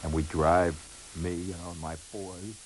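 A man's voice: sits low, fairly even intonation, measured pace, slight background noise, low-quality recording. A middle-aged man telling a comic first-person story in a wry, rambling way with lots of asides. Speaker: radio storyteller.

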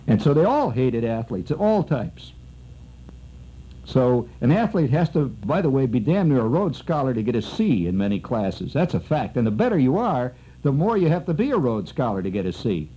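Wry storytelling man on old radio. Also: husky. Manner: rambling, wry, leaps high when excited. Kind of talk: animated spoken storytelling. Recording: dull lo-fi old radio recording.

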